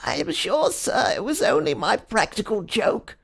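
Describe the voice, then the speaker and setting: Man putting on a wizened old swindler, whimpering, stammering, high and thin, gravelly edge. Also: big pitch swings, normal speed, exaggerated voice.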